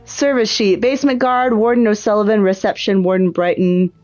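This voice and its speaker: A woman's voice: medium pitch, steady tone, fairly quick, darkish tone, faint music behind. A woman livestreaming a puzzle game, thinking aloud in a chatty way and swearing freely. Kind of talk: casual gameplay commentary.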